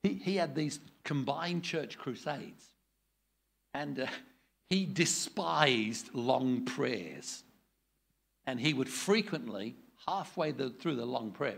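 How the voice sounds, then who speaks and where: An older man teaches preachers in a blunt, joking way. His voice is gravelly and a little husky, and it sits fairly high. His pitch swings widely as he acts out examples. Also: a bit bright. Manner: blunt, jokey, demonstrates tones of voice. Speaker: preaching trainer.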